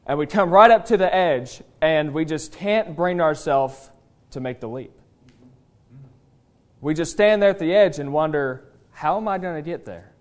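A man preaching a sermon as pastor in a church service, in a folksy, conversational way with frequent "uh" pauses. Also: a little high. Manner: tells a joke story then presses the point earnestly.

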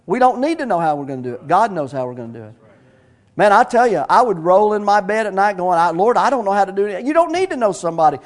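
High-voiced preacher telling a story. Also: male voice, quick pace. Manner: storytelling preacher, animated, folksy, with shouts of praise. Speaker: pastor. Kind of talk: sermon.

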